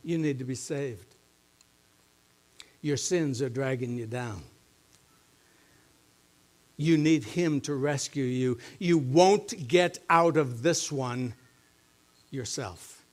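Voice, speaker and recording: A middle-aged man, a pastor preaching a sermon in a church, moving between quiet, low musing and loud, emphatic teaching. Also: takes it slowly, pauses often. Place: church sanctuary.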